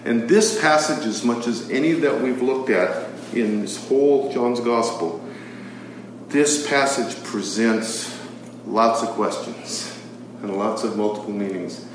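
A man's voice: mid-range voice, a little slow, a little hiss or hum. A man teaching a Bible study to a live group, reading scripture aloud and posing rhetorical questions, with frequent fillers. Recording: very echoey room, far from the mic.

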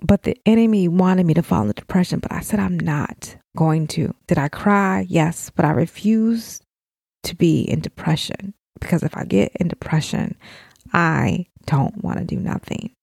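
A middle-aged woman hosts her own podcast, speaking to fellow mothers with raw, heartfelt emotion. Her voice sits low with a gravelly edge. The sound is close and dry, with no room around it. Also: moderate pace, a little mellow, dry recording. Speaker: podcast host. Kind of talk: heartfelt casual talk to listeners.

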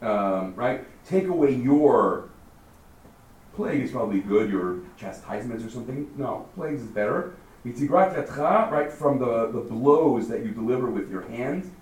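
A man leading a text study class, lively and questioning, thinking aloud as he explains. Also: medium pitch, moderate pace. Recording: roomy, far from the mic, faint noise.

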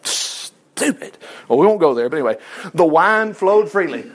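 A man preaching and retelling a Bible story in a playful, animated way, laughing often and acting out the characters' lines. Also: on the high side, brisk. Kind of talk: sermon-style Bible storytelling.

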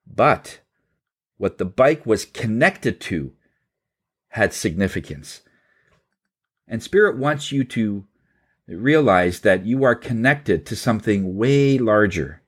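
Man, mid-pitched voice, casual speaker spinning a story that turns into a spiritual message. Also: slightly rough. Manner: casual, halting storyteller voicing characters.

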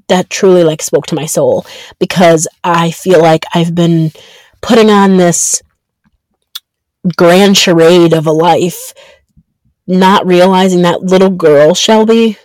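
Slow, earnest woman podcaster in her thirties. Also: fairly low pitch, a little mellow, no room sound. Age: 30s. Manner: earnest, halting, many fillers and restarts. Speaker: podcast host. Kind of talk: reflective solo podcast monologue.

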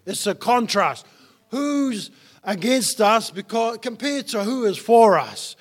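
A man's voice: high-pitched, very animated, takes it slowly. A man preaching a sermon as pastor, emphatic and fond of repeating key lines for effect.

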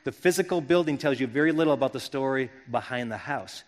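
A man's voice: mid-range voice, quick pace. A middle-aged man from Wisconsin preaching a sermon, earnest and reflective, often restarting his phrases. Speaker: pastor. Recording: long hall reverb.

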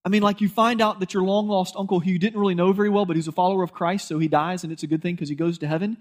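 A man's voice: high voice, fairly even intonation, very fast. A male pastor, preaching a sermon in a conversational, storytelling way and acting out bits of dialogue.

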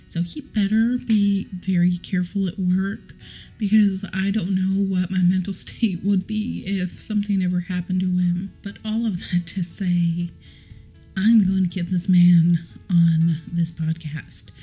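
A woman chatting on her solo podcast in a slow, unhurried drawl. Her voice is very dark and mellow and strongly breathy, and it stays fairly low and even. She rambles affectionately and stops to correct her own words. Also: faint music behind. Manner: rambling, affectionate, corrects herself mid-sentence. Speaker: podcast host. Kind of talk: casual solo podcast chat.

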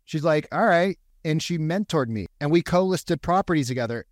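A man talking in casual podcast chat, an animated, profane storyteller. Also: fairly high pitch, fairly quick, no echo, studio quality. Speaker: real estate agent, podcast guest.

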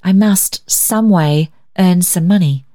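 Gentle but determined twenty-year-old woman in a storybook, soft and reassuring in a woman reader's voice. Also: on the low side, slow. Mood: tender earnest. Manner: tender, reassuring, calls her sister dear.

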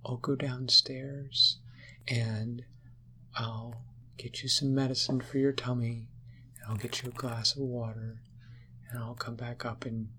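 A woman doing a gentle soothing mom. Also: a bass voice, flat delivery, unhurried, slight background noise, exaggerated voice. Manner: soothing and reassuring. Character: gentle comforting mother in a bathrobe.

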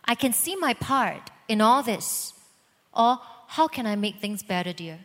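A woman teaching calmly about marriage alongside a preacher. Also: on the high side, unhurried. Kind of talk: sermon teaching. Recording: long hall reverb.

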